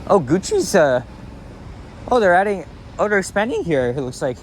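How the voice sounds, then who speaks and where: A man's voice: high-pitched, sing-song, normal speed. A man casually narrating while he walks a city street at dawn, rambling with lots of fillers and the odd swear word, recorded on a handheld camera mic. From Canada. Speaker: walking vlogger. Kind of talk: casual walking commentary. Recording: faint street noise outdoors.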